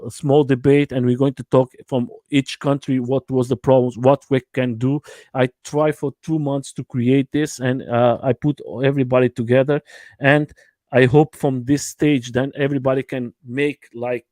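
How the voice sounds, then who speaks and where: A man hosting a livestream from his home, speaking halting non-native English with many fillers and restarts in a casual interview chat. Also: medium pitch, level tone, dark tone, no echo. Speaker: livestream host.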